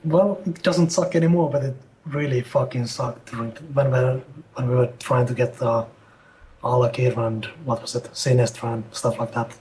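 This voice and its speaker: A man's voice: medium pitch, steady tone, normal speed, a little mellow, a little hiss or hum, low-quality recording. A man guest talking casually, swearing and restarting his sentences. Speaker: guest, guild raider.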